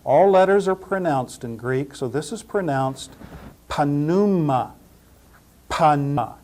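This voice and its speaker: A man teaching Greek pronunciation, saying each word slowly, repeating it, and spelling it out letter by letter. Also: on the high side, expressive, a little mellow. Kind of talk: slow pronunciation lesson.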